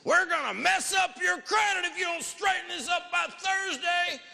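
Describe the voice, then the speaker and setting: A bullying debt collector barks threats, which a speaker mimics in a raised, needling voice pitched well above his own. The voice is loud and shouted at times. A long hall reverb trails behind it. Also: moderate pace, creaky, exaggerated voice. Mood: threatening. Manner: mocking, bullying phone threats.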